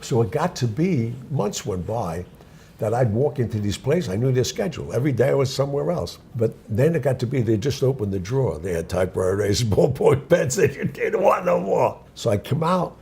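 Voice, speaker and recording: Older new guy spinning yarns, low gravelly voice that swings all over, dark tone. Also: fairly quick, a little hiss or hum. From New York. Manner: animated, acts out the voices of people in his stories. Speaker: guest. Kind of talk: casual storytelling.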